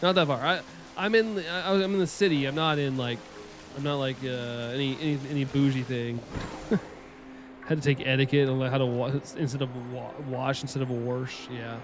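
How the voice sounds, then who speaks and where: A man's voice: medium pitch, steady tone, a little fast, noisy background. A man chatting casually with his live-stream viewers, rambling and laughing often.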